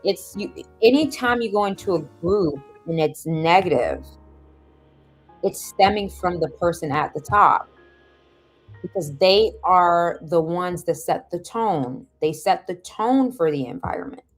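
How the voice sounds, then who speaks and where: Animated woman chatting on a live stream. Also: unhurried, soft background music. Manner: animated, laughs often, jumps to a squeaky high voice when acting out people. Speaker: host of a self-help livestream. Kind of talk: casual live-stream chat, advice and storytelling. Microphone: video call or stream mic.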